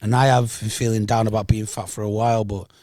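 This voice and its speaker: A man's voice: lowish voice, little pitch movement, fast, dark tone, no echo. Man, Manchester accent, podcast host, casual banter, sweary, laughs a lot, dry close sound. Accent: Manchester English. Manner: laid-back, sweary, laughs often, slangy. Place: small studio.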